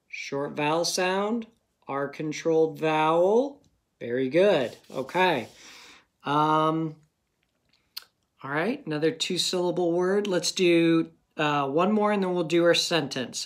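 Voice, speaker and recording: A man's voice: a little high, animated, slow pace. A man teaching a phonics lesson to young children in a patient, encouraging manner.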